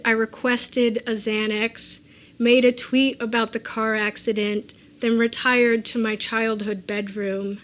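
A woman with a somewhat high-pitched voice reads her own personal essay aloud to listeners. Her delivery is measured and deliberate, and she drops in dry, offhand asides between the passages. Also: fairly bright tone. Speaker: author reading her own memoir. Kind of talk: live reading of a personal essay.

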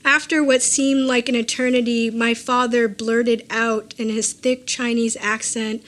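Higher-voiced woman reading her memoir. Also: level tone, a little slow, hardly any pauses, fairly bright tone. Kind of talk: live reading of a personal essay.

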